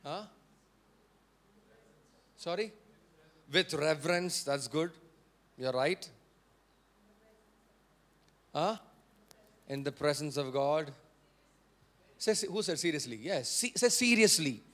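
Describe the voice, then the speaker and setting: Male pastor, sermon delivery, high-pitched, repeats lines for emphasis and calls on the congregation to respond. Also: lively intonation, slow, pauses often, fairly bright tone. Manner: repeats key phrases for emphasis; questions and prompts the congregation.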